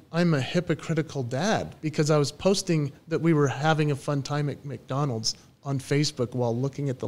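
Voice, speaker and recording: An animated man in his forties tells lively stories as a podcast guest. His voice sits fairly high for a man, and he jumps into playful quoted voices as he talks. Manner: lively storyteller who acts out quoted voices. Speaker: guest, professional stage entertainer. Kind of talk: podcast interview.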